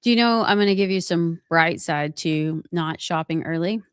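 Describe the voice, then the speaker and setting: A woman's voice: on the low side, normal speed, smooth, no room sound, clean studio sound. A middle-aged woman, co-hosting a radio show and chatting with an easy laugh. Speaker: radio co-host. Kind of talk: casual studio chat. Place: radio studio.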